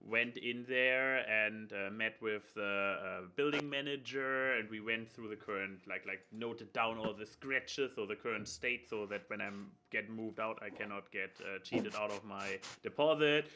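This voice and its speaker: Bright-voiced young man, halting chat. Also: on the low side, a little hiss or hum. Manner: halting, many fillers and restarts. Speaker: podcast co-host. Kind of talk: casual chat.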